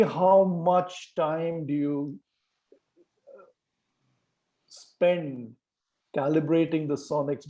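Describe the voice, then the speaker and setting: A man's voice: a little high, warm tone, highs cut off. A man hosting a poetry series over a video call, praising the poet effusively and asking long, rambling questions. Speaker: host of a poetry reading series. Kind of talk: interviewing a poet.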